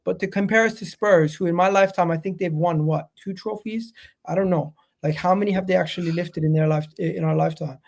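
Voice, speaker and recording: A man hosting a casual football podcast, blunt and animated, calling his co-host bro. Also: high voice, fairly quick, gravelly.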